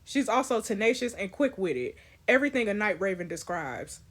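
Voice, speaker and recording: A woman's voice: medium pitch, very animated, moderate pace, a bit bright. A woman reading an interactive story game aloud with playful, slangy commentary.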